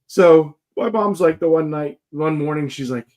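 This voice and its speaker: A man's voice: fairly high pitch, animated, normal speed, hardly any pauses, darkish tone. A man tells ghost stories in a loose, joking way. He rambles, restarts and pads his sentences with fillers, keeping the talk casual. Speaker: guest paranormal investigator. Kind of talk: casual storytelling chat.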